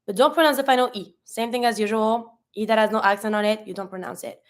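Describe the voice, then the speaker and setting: Female teacher, fairly high voice, patient lesson delivery, repeats and spells out words. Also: fairly even intonation, fast talker. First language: French. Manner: patient, spells out endings and repeats each word. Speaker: French teacher. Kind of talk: recorded language lesson.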